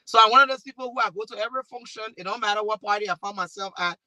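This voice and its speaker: Lively Liberian woman panelist telling stories. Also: medium pitch, very fast, no echo. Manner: animated storytelling, acts out quoted dialogue. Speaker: panelist and talk show host. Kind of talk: panel discussion.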